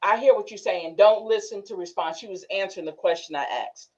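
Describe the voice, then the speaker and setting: A woman's voice: mid-range voice, brisk, a little mellow. A woman hosting a casual group discussion, telling stories animatedly and laughing often. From northern United States. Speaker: class host. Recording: muffled lo-fi recording.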